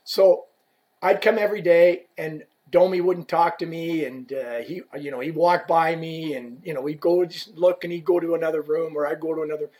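A middle-aged man telling a lively, profane workplace story in a casual chat, acting out the people he quotes. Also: a little high, normal speed. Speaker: guest telling stories from work as a stick rep.

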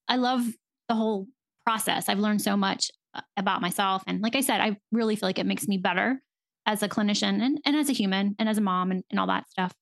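A woman's voice: mid-range voice, vocal fry, no echo. A woman therapist talking candidly as a podcast guest, chatty and full of fillers. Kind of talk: casual conversational interview.

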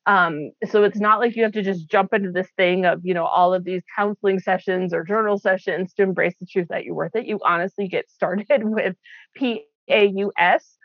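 A woman's voice: medium pitch, fairly even intonation, fairly quick, few pauses, no echo. A woman who founded a wellness program, talking earnestly and reflectively in a casual chat, with frequent fillers. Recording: slightly dull, lo-fi audio.

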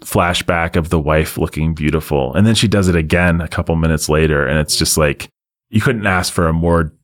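A man co-hosting a casual movie-review talk, rambling and animated, often laughing. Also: a bass voice, fairly quick. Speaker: podcast co-host reviewing a movie. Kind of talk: casual chat.

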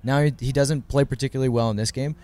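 A man co-hosting a casual sports podcast, giving quick, earnest match analysis. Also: medium pitch, steady tone, a little mellow. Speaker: podcast co-host, works in club's digital department.

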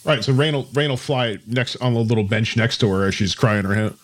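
A man's voice: mid-range voice, brisk. A man casually playing a fairy character in a tabletop game, joking as he talks. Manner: joking, laid-back, voices a fairy. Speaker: player.

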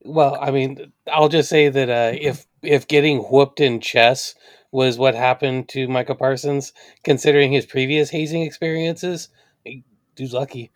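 Dry wisecracking podcast co-host. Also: male voice, mid-range voice, steady tone, measured pace, dry recording. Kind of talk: casual podcast chat.

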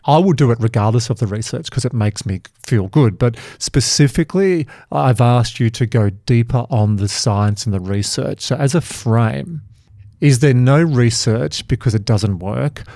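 A man's voice: medium pitch, moderate pace, gravelly, dry recording. A male podcast host with a mid-range voice tells stories with plenty of life, and he swears freely along the way. The sound is dry and close, with no room around him. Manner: lively storyteller who swears freely. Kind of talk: casual conversational interview.

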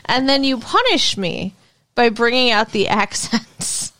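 A woman co-hosting a casual podcast, excitable and laughing often. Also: fairly high pitch, a little slow. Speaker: podcast co-host. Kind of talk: casual chat.

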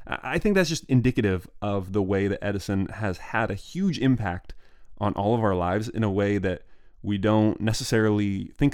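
A man's voice: fairly low pitch, darkish tone. A man hosting a solo history podcast, talking casually and musing aloud with restarts and asides.

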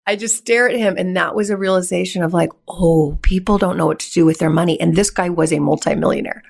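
Woman guest, low-pitched, animated storyteller who laughs a lot. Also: quick pace, vocal fry. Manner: animated, laughs often, acts out dialogue. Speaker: podcast guest, real estate investor. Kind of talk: conversational storytelling.

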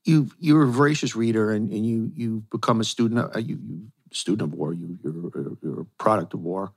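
A man hosting an interview, asking long questions in an earnest, halting way. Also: lowish voice, creaky, husky. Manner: earnest, halting, searching for words. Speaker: host, interviewer.

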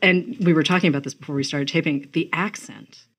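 A woman from Massachusetts hosting a podcast interview, chatty and enthusiastic with quick asides. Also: low voice, fairly even intonation, slightly rough. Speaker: podcast host. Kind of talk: casual interview chat.

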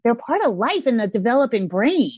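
A middle-aged woman and parenting coach chatting casually on a podcast, animated, laughing often and acting out little scenes. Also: fairly high pitch, fairly quick, slightly rough, no room sound.

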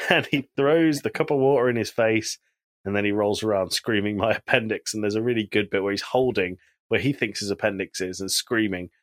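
A man's voice: lowish voice, normal speed, fairly bright tone, no echo. A man co-hosting a podcast in casual chat, animatedly retelling TV scenes and quoting characters. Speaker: podcast co-host.

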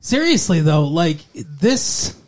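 A man's voice: on the high side, sing-song, takes it slowly. Sarcastic, swearing male podcast co-host. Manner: profane, sarcastic, exaggerated. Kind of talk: casual recap chat.

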